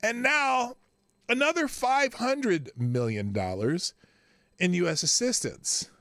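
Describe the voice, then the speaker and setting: A man's voice: high voice, slow, a bit bright, no room sound, studio quality. A man hosting a live news commentary show, sarcastic and rambling as he reads and reacts to stories. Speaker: host.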